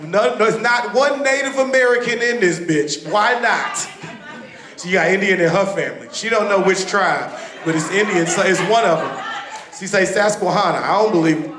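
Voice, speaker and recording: Man, stand-up comic, high voice, loud and animated, profane, roomy club sound. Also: normal speed, crowd noise. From Texas. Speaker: stand-up comedian. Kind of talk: stand-up comedy set. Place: comedy club stage.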